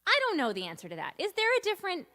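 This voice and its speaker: A woman's voice: sits high, huge pitch swings, rapid-fire, pushed and bright. A woman in her thirties from Cape Cod, talking casually to viewers on a live stream between songs, chatty and rambling, with no strong regional accent. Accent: General American (no Massachusetts accent). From Cape Cod, Massachusetts. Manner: chatty, rambling, self-deprecating, reads out viewer comments. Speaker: singer-songwriter.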